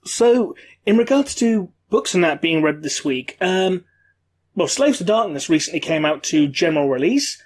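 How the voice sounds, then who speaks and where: A man with a notably high voice, co-hosting a podcast in easygoing chat. He explains lore patiently and knowledgeably. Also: animated, normal speed. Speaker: podcast co-host. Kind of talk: casual chat.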